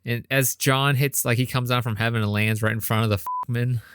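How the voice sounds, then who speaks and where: Bright-voiced podcast host. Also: male voice, medium pitch, steady tone, fairly quick, clear, resonant tone, dry recording, studio quality. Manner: chimes in with short remarks and laughs, then leads the segment. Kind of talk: casual chat.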